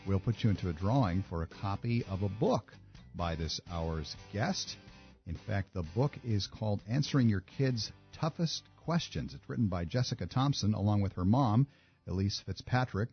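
A man's voice: lowish voice, lively intonation, normal speed, slightly rough. A man hosting a radio call-in show, reading promos and interviewing a guest conversationally. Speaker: radio talk show host. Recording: dull lo-fi radio audio with faint music.

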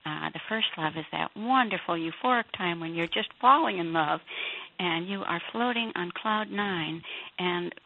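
A woman author and Bible teacher, a guest on a radio interview, telling stories with animated quoted voices. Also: on the low side, normal speed, vocal fry. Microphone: phone line. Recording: tinny phone line.

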